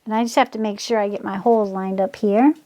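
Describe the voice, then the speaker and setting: With a little hiss or hum in the recording, a woman speaks in a mid-range voice with a steady, dark tone. She runs a DIY craft channel and walks through a casual tutorial step by step, chatty and unhurried, gushing, gasping and squealing at the results.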